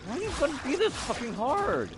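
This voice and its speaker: A woman streams a game with a wildly swinging voice that jumps from low mutters to high yelps. She curses constantly at the game and chats loosely with viewers in between. Soft game music plays faintly behind her. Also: big pitch swings, brisk. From United States. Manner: swears constantly, yelps and curses at the game, then drifts into rambling chat. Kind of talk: casual live game commentary. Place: home streaming setup, living overseas.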